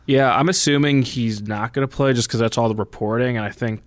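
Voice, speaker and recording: A man co-hosting a podcast, giving his views on sports bets in a measured, slightly hesitant way. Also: mid-range voice, fairly even intonation, no echo. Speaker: podcast co-host. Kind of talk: casual sports betting chat.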